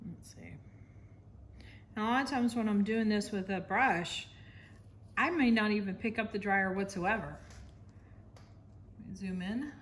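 An American art instructor talks unhurriedly in a mid-range voice, pausing often, during a casual, chatty painting demonstration. She talks as she works and sometimes apologizes to viewers, with a little hiss or hum in the audio.

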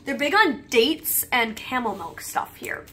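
A woman's voice: fairly high pitch, sing-song, unhurried, background noise. A young adult woman vlogger chatting casually while taste-testing snacks, talking in a loose, rambling way full of "like". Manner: chatty, leans on "like" as filler.

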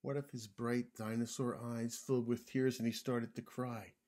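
A man reading a picture book aloud to young children, gentle and expressive, sometimes dropping to a whisper. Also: medium pitch, moderate pace.

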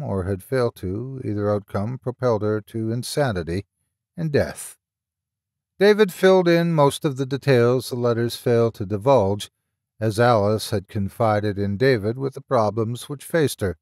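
A man narrating a horror audiobook in a measured, storytelling way. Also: mid-range voice, no room sound, clean studio sound.

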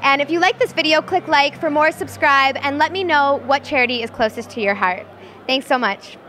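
Bubbly high-voiced woman host from Chicago. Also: fairly quick, bright, forceful tone, soft background music. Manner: bubbly, upbeat questioning. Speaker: red carpet host. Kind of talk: red carpet interview. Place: outdoor red carpet event. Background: crowd chatter.

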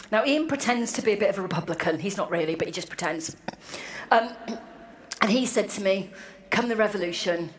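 Addressing a meeting in a big hall, a Welsh woman in her forties offers a wry, self-mocking anecdotal speech to the assembled audience at their annual gathering. Her medium-pitched voice has lively intonation and a normal pace, heard with echo and faint background room noise.

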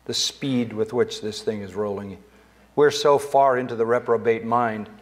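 An older man preaching a sermon in a church sanctuary, with emphatic delivery that climbs higher when he quotes Scripture. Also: steady tone, moderate pace. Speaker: pastor.

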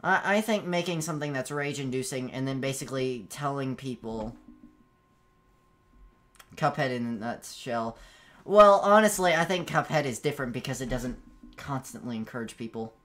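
A man's voice: medium pitch, moderate pace, fairly bright tone. A man streaming a game, chatting casually, stammering and repeating words, breaking into yelps and laughs when frustrated. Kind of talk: casual gameplay commentary.

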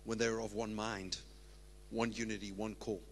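Exuberant preacher, echoing hall. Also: male voice, on the low side, flat delivery, normal speed, fairly bright tone, a little hiss or hum. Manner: exuberant preaching, bursts of whoops and laughter. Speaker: pastor. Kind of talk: sermon. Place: church sanctuary. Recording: long church-hall reverb.

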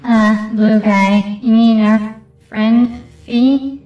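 A woman voicing a worried game character who is searching for a missing friend, speaking slowly and softly. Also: fairly high pitch, steady tone, far from the mic. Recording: echoey, muffled game audio with music.

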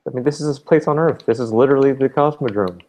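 A man's voice: mid-range voice, fast talker, mellow, low-quality recording. A man co-hosting a casual gaming livestream, rambling and exasperated, stumbling over restarts as he rants. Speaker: livestream co-host. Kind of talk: casual chat while gaming.

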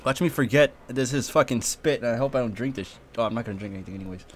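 A man's voice: mid-range voice, racing, a little hiss or hum. Casting: male streamer, casual chat, voice strained and sniffly from spice, swears a lot. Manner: pained, coughing and spitting, cursing freely. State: drooling, tearing up, sniffly.

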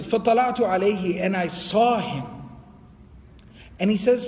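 A man with a high-sitting voice delivers an Islamic history lecture, telling the story in a lively way and quoting Arabic before translating it. The recording has a big-room sound.

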